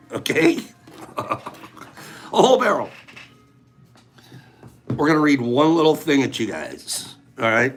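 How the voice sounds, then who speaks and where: Animated man hosting a live-stream giveaway. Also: a little high. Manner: animated, singsong, calls out names loudly. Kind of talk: playful live-stream chat.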